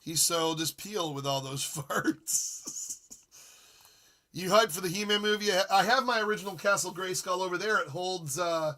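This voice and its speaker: A man in his forties hosts a live retro gaming stream in an easy, rambling chat. His voice sits a bit high and sounds bright and edged. He jokes around and reacts to his viewers with excitement. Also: normal speed. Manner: excitable, jokey, reads chat aloud. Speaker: streamer host.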